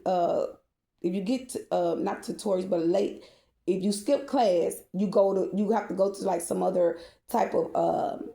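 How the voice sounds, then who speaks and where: Furious cursing woman, gravelly voice. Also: on the low side, roomy sound. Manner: cursing, heated and repetitive, rising to shouting. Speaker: mother venting to viewers. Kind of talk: angry rant to camera.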